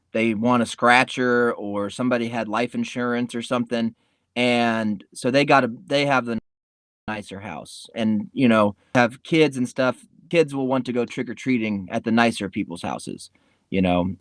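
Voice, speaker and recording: A man's voice: medium pitch, a bit bright, no echo, clean studio sound. A man hosting a podcast in a rambling, laid-back comedic monologue, swearing casually. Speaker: podcast host.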